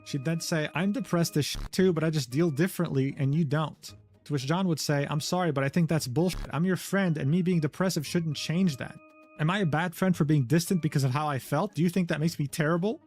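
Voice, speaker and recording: Fast-talking man narrating a drama recap. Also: fairly high pitch, a little mellow, faint music behind. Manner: reads quoted messages aloud in a brisk, sardonic tone. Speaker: commentary narrator.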